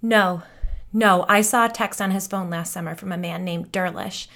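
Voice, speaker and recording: A woman's voice: lowish voice, steady tone, normal speed, fairly bright tone. A woman voicing a frightened, frantic adult woman who speaks in a panicked, breathless, pleading way.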